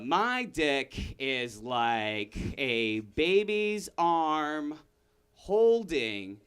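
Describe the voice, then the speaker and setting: A young man performing a stand-up comedy set, rambling and self-interrupting, bursting into shouted character bits. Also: medium pitch. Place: comedy room with live audience.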